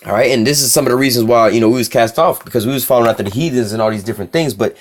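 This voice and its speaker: A young man giving an informal scripture teaching in a casual, profane way, reading verses aloud slowly between loose, repetitive asides full of fillers. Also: mid-range voice.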